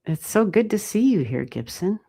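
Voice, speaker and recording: An American woman giving astrology readings on a livestream, thinking aloud and chatting with viewers in a relaxed way, with the odd swear word. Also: mid-range voice, moderate pace. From United States. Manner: thinks aloud, talks to chat, mild swearing. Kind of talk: casual livestream chat.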